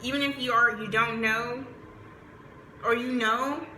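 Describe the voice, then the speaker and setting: A woman's voice: on the high side, fairly even intonation, unhurried, sharp tone. A woman with a Southern US accent giving a chatty, rambling tarot reading, full of fillers. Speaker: tarot reader. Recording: roomy echo, faint background noise.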